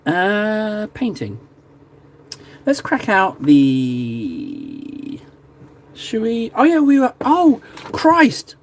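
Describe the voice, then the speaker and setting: A man's voice: high-pitched, fairly bright tone. A chatty, jokey man from Cornwall, talking casually to viewers while painting on a live stream. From Cornwall, England.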